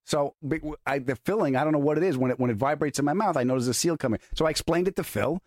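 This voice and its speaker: A man hosting a podcast, telling a story in a deadpan way that builds to a punchline. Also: on the high side, very fast, no room sound, studio quality. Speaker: podcast host. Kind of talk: casual chat, storytelling.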